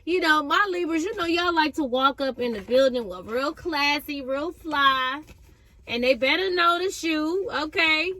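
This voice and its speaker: A woman with a high, bright-pitched voice runs a casual tarot reading for her viewers. She sounds amped and energetic, chatting loosely and full of slang as she speaks to the audience. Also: unhurried. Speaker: tarot reader.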